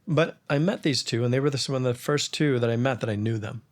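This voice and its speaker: Man telling stories with animated quotes. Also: mid-range voice, quick pace. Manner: animated, acts out quoted voices with laughs. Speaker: podcast guest. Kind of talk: storytelling in conversation.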